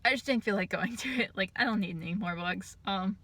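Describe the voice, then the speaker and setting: A young adult woman chatting casually for her book vlog, excitable and giggly, filling her speech with "like". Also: medium pitch, brisk. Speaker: book vlogger. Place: inside her parked car.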